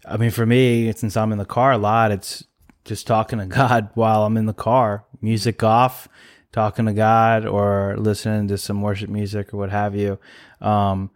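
Easygoing low-voiced man chatting. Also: little pitch movement, normal speed. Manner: rambling, easygoing, laughs often. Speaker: podcast co-host. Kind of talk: casual faith conversation.

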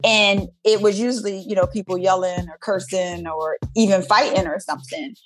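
A woman speaking as a podcast guest in casual chat, soft-spoken and reflective. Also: medium pitch, steady tone, moderate pace, faint music behind.

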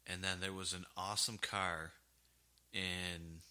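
Male podcast co-host, low and bright-edged, deadpan and blunt, faint noise floor. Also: a little slow. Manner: blunt, dry, swears freely. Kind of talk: casual chat.

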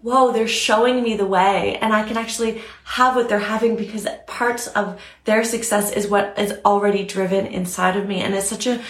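A woman's voice: mid-range voice, fairly bright tone, echoey room. A young woman coaching on a live stream, talking earnestly and reflectively with many fillers. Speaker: spiritual coach. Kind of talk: instagram live talk.

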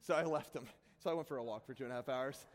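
A man preaching by telling a self-deprecating personal story, animated and prone to sudden shouts. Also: medium pitch, rapid-fire, in a large hall. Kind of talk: sermon storytelling.

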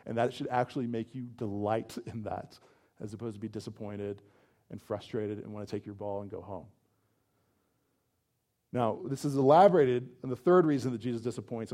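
A man preaching a sermon as pastor, in a conversational way, often saying "like" and stressing points with energy. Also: mid-range voice. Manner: conversational, peppered with "like", animated emphasis.

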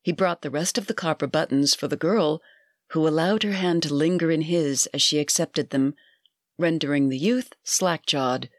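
A storyteller reading a dark tale with measured, deliberate pacing. The voice sits in a middling pitch. The recording is close and dry, with no echo. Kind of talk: scripted narration.

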